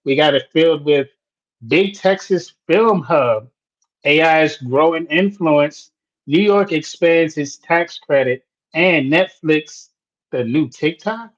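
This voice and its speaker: A man from D.C. co-hosting a podcast, talking in a chatty, animated, casual way. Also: fairly high pitch, slow pace. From Washington, D.C. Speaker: podcast co-host. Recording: dull lo-fi audio.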